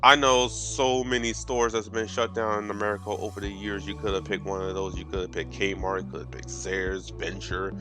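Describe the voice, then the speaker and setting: A man's voice: fairly low pitch, level tone, moderate pace, few pauses, over music. Sarcastic man in his thirties ranting. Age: 30s. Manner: profane, sarcastic, stumbling restarts. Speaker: movie reviewer. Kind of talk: casual rant.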